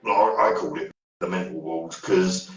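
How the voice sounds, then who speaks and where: Man, deep voice, rambling paranormal storyteller, recorded off-mic in an echoey room. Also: steady tone, normal speed, distant mic, highs cut off. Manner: rambling storyteller, trails off and restarts. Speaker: paranormal investigator guest. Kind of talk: casual podcast chat.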